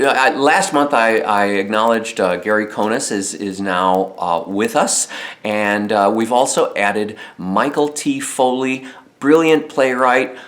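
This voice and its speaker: A man's voice: medium pitch, fairly bright tone. A man giving a casual monthly video update as a solo theatre performer, chatty and rambling with many fillers and restarts. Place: home in Chicago.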